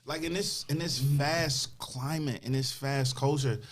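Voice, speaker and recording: A man's voice: medium pitch, fairly even intonation, unhurried, slight background noise. A man in his twenties talking on a casual podcast, driving his points home by repeating them for emphasis. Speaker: podcast co-host.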